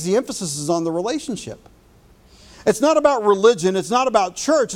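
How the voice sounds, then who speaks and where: A male pastor preaching a sermon, slowing down to stress key phrases. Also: high-pitched.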